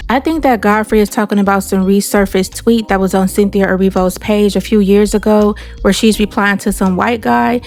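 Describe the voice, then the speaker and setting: A woman from the United States hosting a commentary video, telling a story in a lively, conversational way. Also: mid-range voice, moderate pace, creaky, few pauses. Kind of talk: casual commentary.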